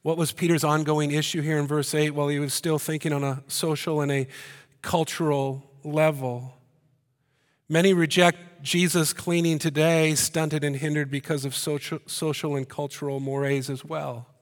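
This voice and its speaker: A male pastor delivers a sermon at a moderate pace, animated and sprinkling in joking asides, raising his pitch and volume whenever he drives a point home. The recording, made in a church hall, carries a long hall reverb.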